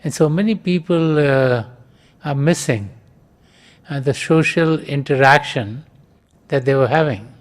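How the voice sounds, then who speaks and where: A man giving a spiritual talk as a teacher, measured, pausing often with soft fillers. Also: a little high. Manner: measured, with frequent pauses and fillers.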